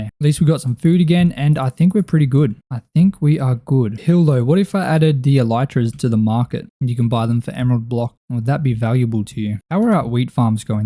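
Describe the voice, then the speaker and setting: A man's voice: mid-range voice, dark tone, dry recording. A young Australian man casually chatting on a game stream, reading chat aloud and talking to himself as he builds. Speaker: gaming streamer. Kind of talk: casual live-stream chat while playing.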